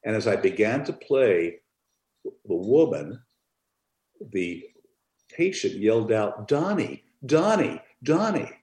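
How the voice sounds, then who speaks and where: A man, an author and music therapist, telling an animated story on a podcast and acting out the dialogue. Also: fairly low pitch, slow, long pauses, echoey room.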